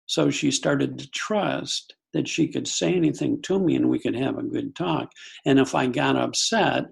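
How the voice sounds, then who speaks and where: A man's voice: mid-range voice, normal speed, creaky, breathy edge. An older man, a psychologist guest on an interview show, telling family stories in a thoughtful, conversational way with frequent restarts. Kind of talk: reflective conversational storytelling.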